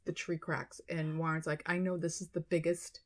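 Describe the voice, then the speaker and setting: A woman co-hosting a podcast, telling a story in casual chat, animated and swearing as she quotes people. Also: deep voice, moderate pace. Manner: animated retelling, swearing, quoting people in their voices. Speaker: podcast co-host.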